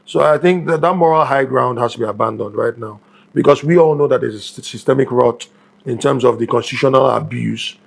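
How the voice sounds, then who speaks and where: A man's voice: medium pitch, brisk, gravelly. A man, a guest giving emphatic news commentary on a morning show and repeating points for stress. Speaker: guest analyst.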